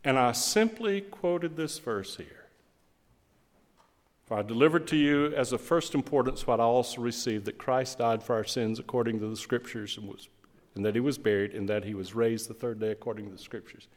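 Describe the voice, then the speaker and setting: A middle-aged man, a pastor, preaching a sermon with emphatic swings between loud and quiet. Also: mid-range voice, normal speed. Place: church sanctuary. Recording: long reverb of a church hall.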